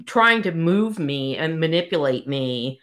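A woman's voice: sits low, measured pace. A woman co-hosting a casual book podcast, telling stories and acting out the dialogue. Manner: animated storyteller, acts out dialogue. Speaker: podcast co-host.

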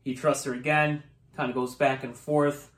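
This co-host talks through a movie in an easy, meandering way and often pauses on "um." The voice sits in a middling register. The recording has a noticeable roomy echo. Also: medium pitch. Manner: relaxed and rambling, with many "um"s. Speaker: podcast co-host. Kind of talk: casual movie review chat. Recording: echoey room.

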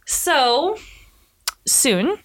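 A woman with a slightly high-pitched voice tells a history story on a casual podcast. She is animated and swears freely, and she keeps slipping into quoted lines as the people in the story. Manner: animated, swears often, acts out characters in quick quoted voices.

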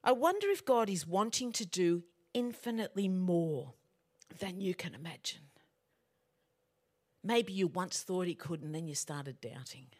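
A woman's voice: lowish voice, unhurried. A middle-aged woman preaching a sermon in a conversational way, often putting questions to her congregation. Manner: animated, conversational, asks the audience questions.

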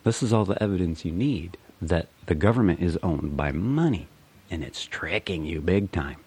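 A man's voice: sits low, lively intonation, normal speed, a little mellow, slightly rough. A man delivering a profane, rambling, sarcastic political rant. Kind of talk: ranting political monologue.

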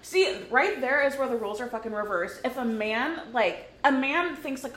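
A woman's voice: fairly high pitch, expressive, moderate pace, few pauses, a bit bright. A young woman from the Midwest co-hosting a casual podcast, blunt, profane and indignant. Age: young adult. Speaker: podcast co-host. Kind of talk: casual chat. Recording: echoey room.

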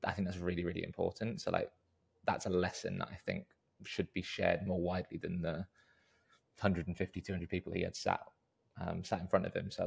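Brief: British male podcast co-host, very low and gravelly, rambling and self-deprecating. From Britain. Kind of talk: casual chat.

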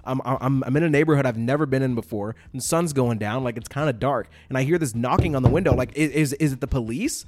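A man hosting a podcast, telling a casual story in a rambling, animated way, full of fillers and checks like "all right?". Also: mid-range voice, fast talker, few pauses, background noise. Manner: animated, exaggerated retelling. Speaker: podcast host.

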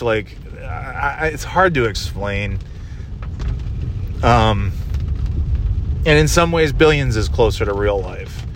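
A man's voice: medium pitch, fairly bright tone. Solo host, man, loose rambling talker who swears casually; recorded in a car with faint road hum. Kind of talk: casual monologue while driving. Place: inside a car.

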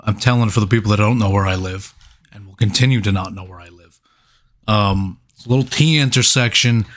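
A man's voice: lowish voice, brisk. A man co-hosting a podcast, telling a long casual story full of swearing and laughs. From New York. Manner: profane, animated anecdote with laughs. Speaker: podcast co-host.

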